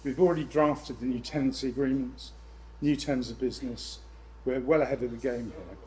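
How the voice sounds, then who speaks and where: A man presenting to a room of landlords, lively and jokey with exasperated asides. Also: mid-range voice, fairly quick, a little hiss or hum, low-quality recording. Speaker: letting agent speaking at a landlord event. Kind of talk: live seminar presentation.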